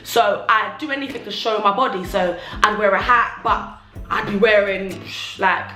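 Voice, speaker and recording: A woman's voice: mid-range voice, normal speed, pushed and bright. A young woman talking casually to her vlog audience, full of fillers and acting out things people said to her. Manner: chatty, filler-heavy, acts out remembered remarks. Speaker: vlogger. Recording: roomy echo, faint music.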